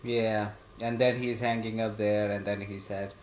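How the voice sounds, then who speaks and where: A man's voice: on the low side, normal speed, few pauses, a little mellow, echoey room, a little hiss or hum, low-quality recording. A man co-hosting a casual podcast, retelling scenes by acting them out in put-on voices. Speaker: podcast co-host. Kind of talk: casual chat.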